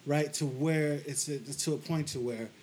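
A man's voice: fairly high pitch, moderate pace, a little mellow, slight background noise, rough recording. A man from Las Vegas, a podcast guest, telling his life story earnestly and repeating himself as he goes. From Las Vegas, United States. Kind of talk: casual interview chat.

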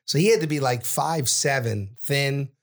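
A middle-aged man, telling a story as a podcast guest and acting out every character in loud, brash voices. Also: medium pitch, measured pace. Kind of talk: animated storytelling.

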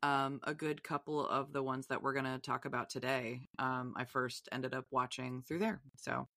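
A woman's voice: rumbling low, steady tone, normal speed, bright, forceful tone, no echo, clean studio sound. A woman guest on a podcast, chatting casually in a rambling, self-deprecating way and laughing often. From Virginia, US.

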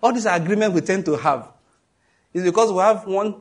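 A Nigerian man preaching a sermon with a Nigerian accent, emphatic, reading scripture slowly and joking with the congregation. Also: high-pitched.

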